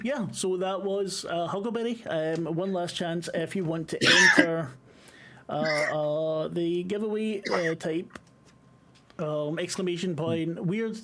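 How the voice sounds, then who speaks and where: A man's voice: on the high side, a bit bright. A man running a tabletop game as game master, narrating scenes and then chatting casually with his players. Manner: casual, with fillers and swearing.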